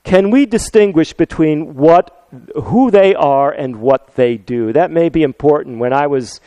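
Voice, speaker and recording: High-voiced older man preaching. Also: unhurried, no echo, poor audio. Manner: earnest, animated preaching with rhetorical questions. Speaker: pastor. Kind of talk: sermon.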